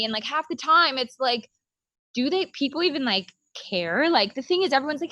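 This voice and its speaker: Female host, casual and rambling, acts out quotes; fairly high voice, dry recording. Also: lively intonation, fairly quick, a bit bright, dry recording. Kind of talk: casual conversation.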